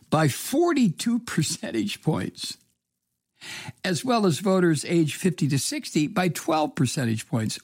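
A man's voice: a little high, creaky, darkish tone, husky, dry recording, clean studio sound. An American man giving casual news commentary, angry and sarcastic, swearing, with many ums and uhs. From United States. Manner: angry, sarcastic, profane ranting with many fillers. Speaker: political commentator.

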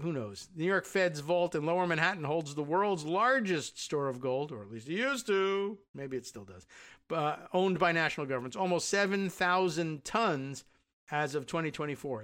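A man's voice: a little high, fairly bright tone. A man reading a news article aloud and breaking off into wry, offhand asides. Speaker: host reading and commenting on news. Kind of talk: casual commentary on a read news article.

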